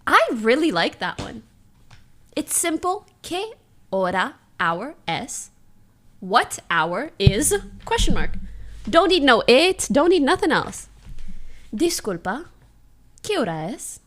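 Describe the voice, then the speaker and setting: Woman streamer, playful, laughs a lot, lively and slow-paced. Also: sits high. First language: English. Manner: playful, laughs often, repeats phrases aloud. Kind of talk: casual livestream chat, practicing phrases.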